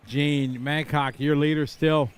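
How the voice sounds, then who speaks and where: Excitable middle-aged man calling live races. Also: fairly high pitch, slow pace, clean tone. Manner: excitable, chatty, laughs and shouts at crashes. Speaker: race commentator. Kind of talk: live play-by-play commentary. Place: outdoor racetrack.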